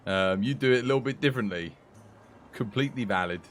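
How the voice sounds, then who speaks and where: A man's voice: fairly low pitch, fast talker, a little hiss or hum. A young man streaming a game, chatting casually with viewers, joking and swearing now and then. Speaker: gaming streamer. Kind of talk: casual livestream chat while playing.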